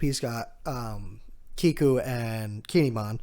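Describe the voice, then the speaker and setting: A man's voice: mid-range voice, a little mellow. Chatty man recapping a comic chapter. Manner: chatty, with fillers and restarts, quick laughs. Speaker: podcast co-host. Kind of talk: casual manga chapter recap.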